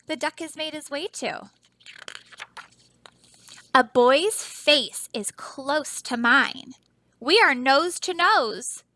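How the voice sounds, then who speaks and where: Softly and expressively, a teacher with a high-pitched voice reads a children's picture book aloud, often breaking off to ask her young listeners questions. There's no echo, though the recording quality is low.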